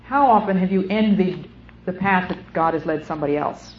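A middle-aged woman giving an earnest, measured sermon with deliberate phrasing. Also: on the low side, a little hiss or hum. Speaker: speaker. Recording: muffled old recording in an echoey hall.

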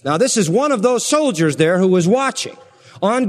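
High-voiced preacher in a reverberant hall. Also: male voice, big pitch swings, moderate pace. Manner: preaching with wide swings from loud to hushed. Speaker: pastor. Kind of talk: sermon.

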